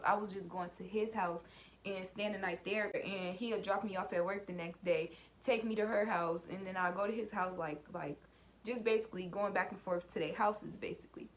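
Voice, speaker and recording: A young adult woman vlogger telling a personal story in a loose, chatty way, often saying "like" and addressing her viewers as "y'all". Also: mid-range voice. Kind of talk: casual story time.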